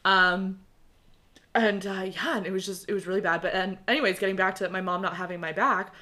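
A young woman co-hosting a podcast, telling a story in a lively, animated way, swearing freely and acting out what people said. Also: mid-range voice, a little fast. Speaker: podcast co-host. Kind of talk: casual chat.

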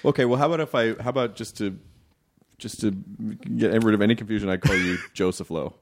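A man hosting a podcast in casual comedic chat, teasing his guest with quick crude jokes. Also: fairly low pitch, creaky. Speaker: podcast host.

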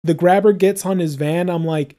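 This podcast co-host speaks at medium pitch and normal speed, with warm tone and fairly even intonation. She or he recaps scenes from a horror film in a casual review chat, peppering it with lots of "like" and "um".

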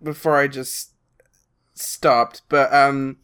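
A man in casual chat among friends, telling a story slowly with frequent laughs. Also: mid-range voice, little pitch movement, fairly bright tone, clear, resonant tone. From lives in England.

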